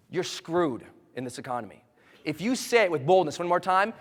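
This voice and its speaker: A man in his thirties giving a motivational seminar speech, building from quiet storytelling to loud rallying cries. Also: on the high side, expressive, fairly quick. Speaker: motivational speaker. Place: large hall with a live audience. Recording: long hall reverb.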